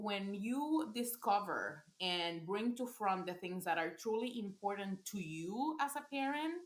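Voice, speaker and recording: A woman parent coach in a casual podcast conversation, earnest, often repeating and restarting her phrases. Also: medium pitch. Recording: roomy echo.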